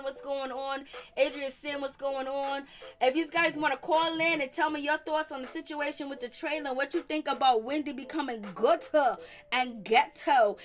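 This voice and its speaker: A woman with a notably high voice hosts a casual gossip live stream, sassy and sarcastic as she calls out viewers by name. Faint music plays quietly behind her.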